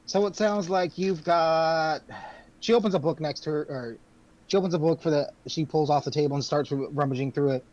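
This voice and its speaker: Halting game master, slightly high. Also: male voice, dark tone, dull audio. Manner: loose, halting, lots of fillers. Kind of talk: narrating a tabletop game.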